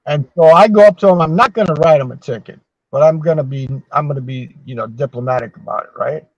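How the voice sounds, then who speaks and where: A man's voice: a little high, quick pace, dry recording. A man in his sixties telling long, swear-filled anecdotes in casual chat as a podcast host. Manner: profane, rambling anecdotes. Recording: dull, dry sound.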